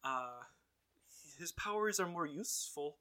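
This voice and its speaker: A man's voice: on the high side, lively intonation, unhurried, sharp tone. A man casually recapping a TV episode as a podcast co-host, with dry, laid-back asides. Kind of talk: casual chat.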